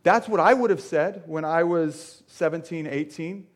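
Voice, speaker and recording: Speaking unhurriedly in a fairly high voice, a young man preaches a conversational sermon in a church sanctuary. As pastor, he trades jokes with the congregation, and his speech is full of fillers.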